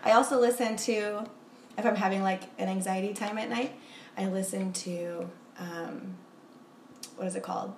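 A young woman talks casually and giggles often, rambling through personal stories at a middling pitch. She is recorded in a roomy space with a faint hiss behind her. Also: steady tone, moderate pace, darkish tone. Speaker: podcast guest. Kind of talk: casual chat. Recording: roomy echo, faint background noise.

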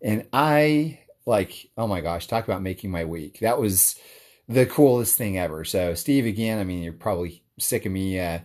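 A man's voice: on the low side, expressive, normal speed, darkish tone. A man talking casually and enthusiastically to his audience, rambling with lots of fillers and restarts. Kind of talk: casual monologue.

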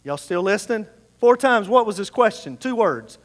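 A male pastor preaching a sermon, swinging between hushed passages and raised, emphatic calls. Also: sits high, sing-song, a little fast. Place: church sanctuary. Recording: long hall reverb in a church.

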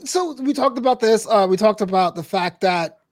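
Podcast co-host with a lively, swooping pitch and a teasing manner. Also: normal speed. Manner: teasing, lively, acts out quotes. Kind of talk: casual wrestling chat.

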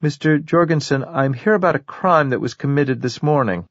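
A man voicing a composed female police detective who speaks calmly and firmly. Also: fairly high pitch, moderate pace, no echo, muffled recording, pitched above the performer's own voice. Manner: calm, firm, controlled.

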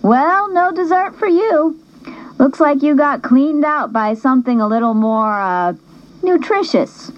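A woman's voice: high-pitched, expressive, dry recording, dull audio, pitched above the performer's own voice. A woman voicing a brash teenage girl who teases her best friend. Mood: teasing. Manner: bold, teasing, quick.

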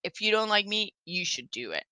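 A woman voicing her teenage cousin, slow, drawling and swearing, in a casual podcast. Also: medium pitch, very animated, pushed and bright, no echo. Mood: laid-back. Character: laid-back, profane teen girl cousin.

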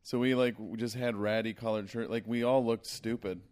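A man's voice: medium pitch, steady tone, fairly quick, darkish tone. A man co-hosting a podcast in casual chat, making dry, profane quips. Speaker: podcast co-host.

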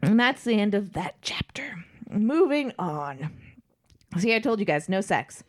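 A woman's voice: mid-range voice, animated, a little slow. A woman co-hosting a podcast, recapping a novel in casual, irreverent chat and swearing freely. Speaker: podcast co-host.

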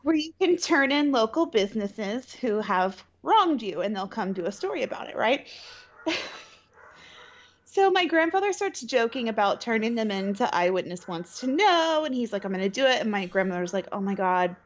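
A woman's voice: on the high side, moderate pace, muffled recording. A young woman co-hosting a podcast, casually telling a funny family story and acting out the people in it, often laughing. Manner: animated, laughs often, acts out quoted voices. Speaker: podcast co-host.

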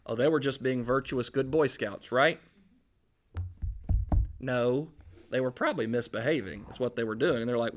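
A man preaching a casual, jokey storytelling sermon in a conversational, animated way. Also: medium pitch, unhurried, pauses often. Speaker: pastor.

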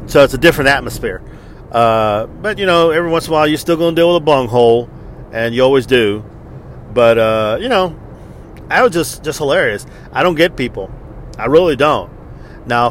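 A man's voice: medium pitch, a bit bright, a little hiss or hum. A man in his forties and army veteran telling a story in a casual, profane and exasperated rant.

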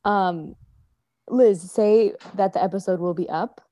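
A woman's voice: mid-range voice, a little slow, mellow, no echo, studio quality. A woman co-hosting a podcast in casual chat, giggly and playful, laughing often. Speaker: podcast co-host.

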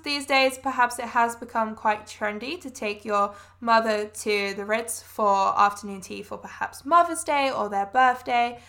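A young woman walks learners through everyday customs, explaining each term and giving examples. Her voice is bright and sits a little high. She speaks in a clear, measured teaching manner. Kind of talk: explaining British food culture to learners.

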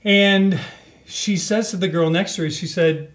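A man telling a personal story in a relaxed podcast conversation, acting out the voices of the people in it. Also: fairly high pitch, unhurried. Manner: animated, acts out quoted voices. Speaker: podcast guest. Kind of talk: casual storytelling.

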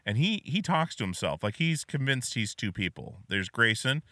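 Bright-voiced man hosting a podcast. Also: mid-range voice, sing-song, normal speed, no echo, studio quality. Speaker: podcast host. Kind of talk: casual conversation.

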